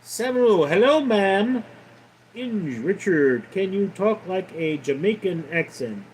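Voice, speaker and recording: A man hosting a casual livestream, reading viewer comments aloud and answering with sarcastic, deadpan replies. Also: high voice, slow, slight background noise, rough recording. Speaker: livestream host reading chat.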